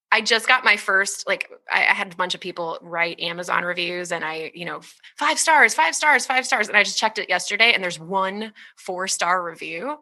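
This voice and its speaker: A woman in her thirties, a guest author talking in an interview, energetic and expressive and laughing often. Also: on the low side. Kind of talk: conversational interview talk.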